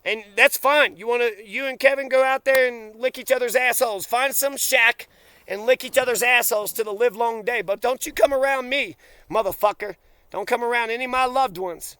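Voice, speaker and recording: High, bright-voiced man ranting bitterly. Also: smooth, dry recording. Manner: bitter, profane, accusatory. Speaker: vlogger. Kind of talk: angry personal rant.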